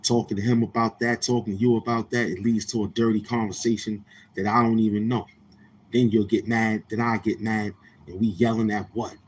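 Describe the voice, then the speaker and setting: Brief: male livestream host, New York accent, lowish voice, blunt, profane, in-your-face. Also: level tone, fairly quick, slight background noise. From Queens, New York. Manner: brash, profane, confrontational. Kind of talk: casual livestream chat with viewers.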